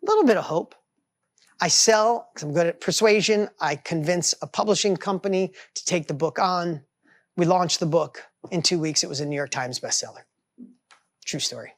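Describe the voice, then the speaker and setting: Fifties male entrepreneur, energetic, punchy delivery, dry close-mic recording. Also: high-pitched, normal speed, no echo. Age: 50s. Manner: energetic, talks in bursts, acts out voices in his stories. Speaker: author and entrepreneur. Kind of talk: animated storytelling.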